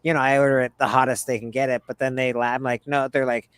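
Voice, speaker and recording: A man's voice: mid-range voice, flat delivery, fast talker, fairly bright tone, clean tone, no echo. Profane, laid-back man, dry sound. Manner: loose, profane, drawls "bro" and "man". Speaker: podcast co-host. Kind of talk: casual chat.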